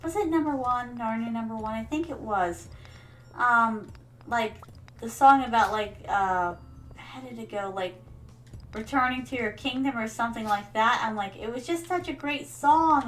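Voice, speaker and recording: A woman's voice: on the high side, normal speed. A young woman streaming a game in casual, rambling chat, playing a playful royal persona who calls her viewers her darlings. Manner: rambling, many fillers.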